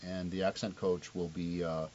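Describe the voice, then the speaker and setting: A man who is a television director, talking in a relaxed, joking way. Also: low voice, moderate pace. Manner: relaxed, joking, laughs easily. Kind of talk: casual conversation. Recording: lo-fi with faint hiss.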